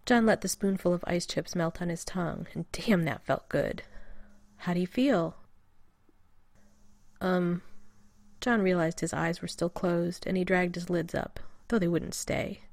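A woman reading a story aloud as narrator, with steady, wry storytelling. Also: fairly low pitch, normal speed, gravelly, no echo. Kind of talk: audiobook reading of fan fiction.

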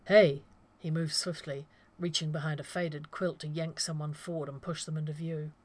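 Woman with a lowish voice reading a story. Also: little pitch movement, normal speed. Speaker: narrator.

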